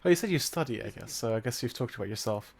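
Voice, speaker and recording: A man casting esports, talking in a calm commentator voice, often hesitant and filling pauses. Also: medium pitch, a crowd in the background. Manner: hesitant, many fillers and restarts. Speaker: esports caster. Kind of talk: casual caster chat.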